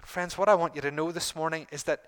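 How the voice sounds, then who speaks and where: A middle-aged man preaching a sermon to his congregation, earnest, repeating phrases and pausing for emphasis. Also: fairly high pitch, fairly even intonation, fairly bright tone, smooth. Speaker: pastor.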